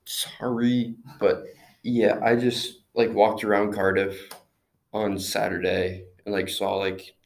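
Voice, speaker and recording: A young man with a slightly low voice chats with a student group in a slow, halting way. His voice has a gravelly edge. His delivery stays flat throughout. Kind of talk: casual chat.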